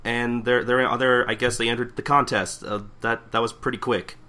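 Bright-voiced man rambling through a manga recap. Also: medium pitch, level tone, moderate pace. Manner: rambling, full of fillers and restarts. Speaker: podcast co-host. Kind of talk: casual chat recapping a manga.

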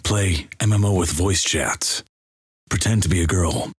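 A man reading crude internet stories aloud in a deadpan way. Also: low-pitched, measured pace, husky, dry recording, clean studio sound. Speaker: narrator.

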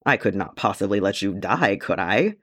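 A man voicing a fierce, cheerful male dwarf warrior who loves battle, speaking gruffly and boisterously. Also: lowish voice, expressive, moderate pace, a bit bright, no room sound, clean studio sound. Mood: gleeful.

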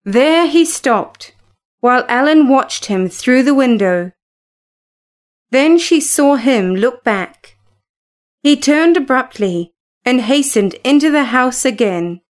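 A woman reading a story aloud in a clear, measured narrating voice. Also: sits high, lively intonation. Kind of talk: audiobook narration.

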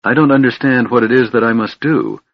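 A man's voice: mid-range voice, brisk, no echo, pitched above the performer's own voice, lightly acted. A man voicing an anguished young male elf, earnest and pleading, on a dull dry recording.

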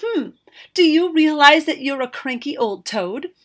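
A woman's voice: high-pitched, animated, measured pace, fairly bright tone, pitched above the performer's own voice. Woman reading as a mild motherly storybook dragon, soothing.

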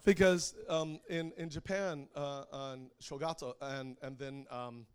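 A middle-aged man preaching a sermon, telling a personal story in an animated way and laughing often. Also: medium pitch, a little slow, smooth.

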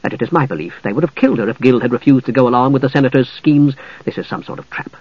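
A man's voice: mid-range voice, very fast, no echo, dull audio, lightly acted. A man reading an audiobook, voicing a grim, blunt aging half-elf husband.

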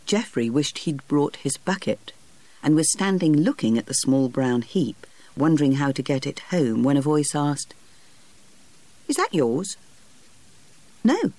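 A narrator reading a storybook aloud in a lively, expressive way. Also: mid-range voice, moderate pace, no room sound.

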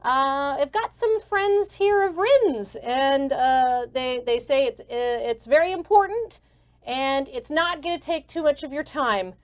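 Name: apologetic young guide. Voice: a halting young woman, high and hesitant, voiced by a woman. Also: lively intonation. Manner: halting, apologetic, many fillers.

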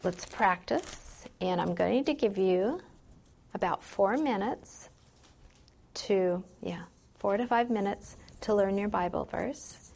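Chatty and encouraging, a woman runs a classroom-style group session on memorizing Bible verses, her talk full of "like" and "you know." Her voice is medium-pitched, gravelly and a little mellow, and she slows down when reading scripture aloud.

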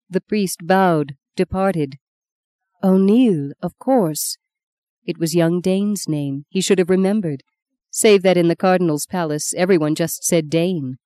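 A woman narrating a novel in a steady, unhurried storytelling voice. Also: on the low side, no room sound. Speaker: audiobook narrator. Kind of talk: scripted narration.

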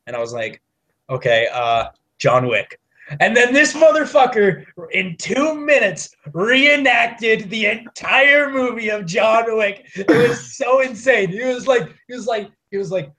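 A man's voice: high-pitched, animated, unhurried, pushed and bright. A young man co-hosting a podcast, swearing freely, laughing often and telling rambling stories in casual chat. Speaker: podcast co-host.

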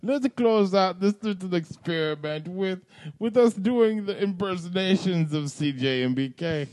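Playful high-voiced man. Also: lively intonation, a little slow, darkish tone, no echo, clean studio sound. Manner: playful, slips into joke voices and laughs. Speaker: podcast co-host. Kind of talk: comedic banter.

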